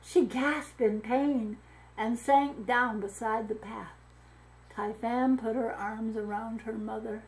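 A woman reading a missionary story aloud to children, expressive and drawing in her listeners. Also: on the high side, slow pace, poor audio. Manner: expressive, engaging the listeners with questions.

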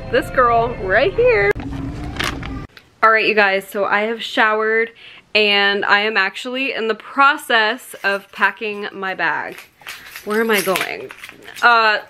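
Young woman, casual vlog chatter, tired, rambling, lots of ums and likes, bright clear tone. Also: medium pitch, poor audio. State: tired late at night. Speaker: vlogger. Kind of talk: casual vlog talk to camera.

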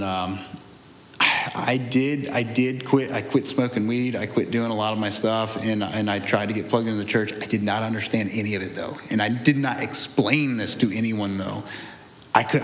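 A young man tells his story in a loose, rambling way, circling back and restarting his sentences. His voice sits at an ordinary middle pitch. It echoes in a roomy space with a long reverb tail and faint ambient noise behind it. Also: fairly bright tone. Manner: rambling, restarts often, laughs through hard memories. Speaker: guest sharing a testimony. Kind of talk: candid conversational testimony.

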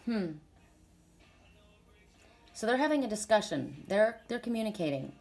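A woman's voice: mid-range voice, big pitch swings, measured pace, vocal fry, darkish tone, soft background music. A woman with a sore throat giving a casual, rambling oracle card reading, stressing her points with many restarts.

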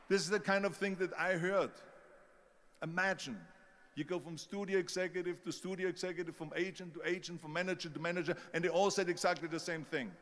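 A man's voice: sits high, fairly even intonation, fairly quick, a bit bright, big-room sound, a little hiss or hum. An older man with a German-speaking Austrian accent, giving an emphatic motivational speech with stories. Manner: storytelling, emphatic, mimics doubters.

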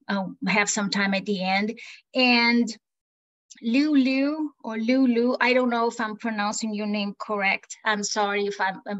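A woman from Brazil with a Brazilian accent, giving an earnest webinar talk with many "you know" fillers. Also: medium pitch. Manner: warm, earnest, with frequent fillers. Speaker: guest speaker. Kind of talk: webinar presentation.

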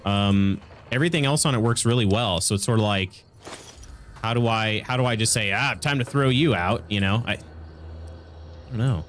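A man's voice: lowish voice, moderate pace, a bit bright, a little hiss or hum. A man streaming a video game, congested with a stuffy nose, chatting casually and laughing with his viewers. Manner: chatty, reacts to chat, laughs often. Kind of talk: casual gaming stream chat.

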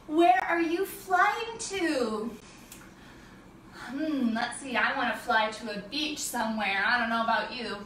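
A woman's voice: sits high, sharp tone, roomy sound, far from the mic, slight background noise. A woman teaching a family yoga class for children, giving cheerful, encouraging instructions and making animal sounds.

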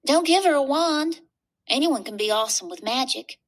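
A woman's voice: high-pitched, lively intonation, normal speed, pitched above the performer's own voice. A woman reading a storybook aloud, voicing a shy young girl who is eager to impress a new friend.

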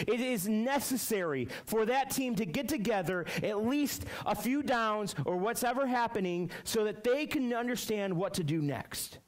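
A young man with a notably high voice preaches to middle schoolers. He tells stories in an animated, rambling way, full of fillers, and then moves into plain Bible teaching. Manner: animated storytelling, many fillers. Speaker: youth pastor. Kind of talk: youth sermon with personal story.

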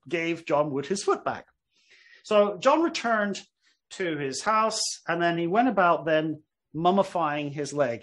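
A middle-aged male professor lecturing to a live audience. He talks in a loose, conversational way, spins a story and checks in with "okay?". His voice sits a little higher than most men's. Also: fairly bright tone.

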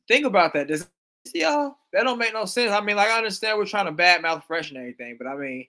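A man with a somewhat high voice talks loosely through a live-stream reaction. He is slangy and casual, and he reads chat messages aloud between his takes. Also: expressive, quick pace, bright, forceful tone.

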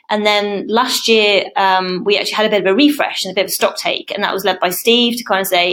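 A woman's voice: medium pitch, fairly bright tone, poor audio. A woman with a British accent, a researcher answering interview questions in a thoughtful, explanatory way. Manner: thoughtful, many "um" and "kind of". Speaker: researcher, podcast guest.

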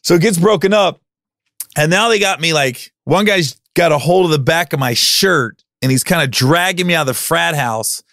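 Animated storyteller man in his forties. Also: on the high side, normal speed, dry recording, clean studio sound. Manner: animated, acts out quotes in loud raised voices. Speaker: podcast host. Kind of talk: casual storytelling monologue.

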